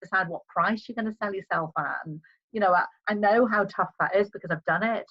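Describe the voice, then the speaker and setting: A chatty, upbeat woman with a faint Liverpool lilt talks casually as a podcast guest, laughing easily at mid pitch. Her voice comes through a slightly dull, lo-fi line. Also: fairly quick, husky. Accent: soft Liverpool. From England. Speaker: guest author.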